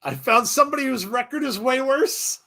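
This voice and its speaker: A man hosting a live wrestling watch-along, chatting casually, laughing often and breaking into excited shouts. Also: very high-pitched, a little fast. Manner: chatty, laughs often, reads viewer comments. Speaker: host.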